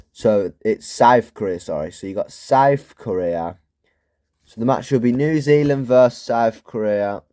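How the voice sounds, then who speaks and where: A man's voice: lowish voice, darkish tone. A man giving casual, rambling commentary while playing a video game, swearing and thinking aloud. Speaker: gaming video creator.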